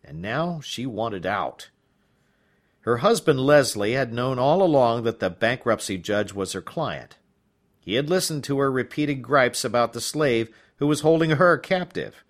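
A man narrating a novel as an audiobook in an expressive storytelling manner. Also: mid-range voice, measured pace.

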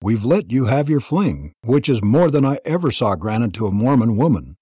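A man's voice: mid-range voice, big pitch swings, moderate pace, dark tone, breathy edge, dry recording, clean studio sound. A man doing a harsh domineering elder. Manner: harsh, commanding, clipped threats. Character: stern jealous male church elder, harsh, domineering. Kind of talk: audiobook reading.

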